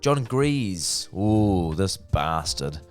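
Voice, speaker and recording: A man's voice: low voice, very slow, clear, resonant tone, soft background music. A man giving a casual, profane, chatty review of a TV series. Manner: chatty, profane, lively retelling. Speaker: TV review vlogger.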